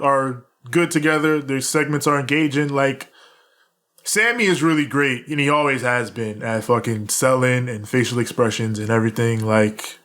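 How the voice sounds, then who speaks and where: Laughing man recapping wrestling. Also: medium pitch. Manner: laughs often, animated retelling with quoted lines. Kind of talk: casual podcast chat.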